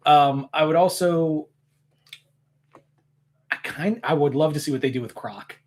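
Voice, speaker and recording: A man joining as a guest in a casual live Q&A chat, pausing with ums and getting animated when sharing opinions. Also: on the high side. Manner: thoughtful, pauses with ums, gets animated on opinions.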